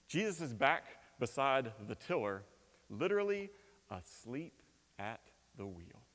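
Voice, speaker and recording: A man in his thirties preaching a sermon in a church, telling stories with lively swings from loud bursts to hushed lines. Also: medium pitch, moderate pace. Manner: animated storytelling, shouting quoted lines, dropping to quiet. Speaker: pastor. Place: church sanctuary. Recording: long hall reverb.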